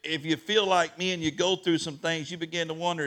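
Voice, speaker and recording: A man giving an emotional sermon as a pastor, swinging from hushed talk to loud, shouted preaching. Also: a little high, fairly even intonation, fairly quick.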